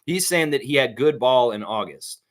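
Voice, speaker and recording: Male host, casual live-stream banter, quick laughs, easygoing. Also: medium pitch, lively intonation. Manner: chatty, laughs often, sings snippets, many fillers. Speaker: sports livestream host. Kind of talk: casual live chat reading viewer comments.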